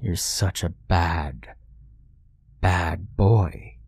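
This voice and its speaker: A man's voice: low voice, drawn-out words, vocal fry, a little mellow, slightly rough, voice pushed down, full character voice. A man voicing a cold, accusing mother who scolds with contempt. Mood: contemptuous.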